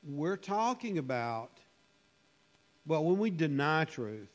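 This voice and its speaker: Slow, musing preacher in a reverberant hall. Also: male voice, a little high, sing-song. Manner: unhurried, musing, with frequent fillers. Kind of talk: conversational sermon.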